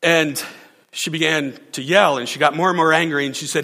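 A male pastor tells a story in his sermon, laughing often as he acts out the quotes. His voice is slightly high and bright. The sound rings with the long reverb of a large church hall. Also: fairly even intonation, brisk.

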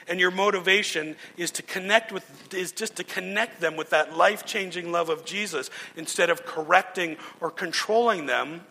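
Bright-voiced preacher in a reverberant hall. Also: male voice, sits high. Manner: earnest storytelling with repeated restarts. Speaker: pastor. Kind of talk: sermon.

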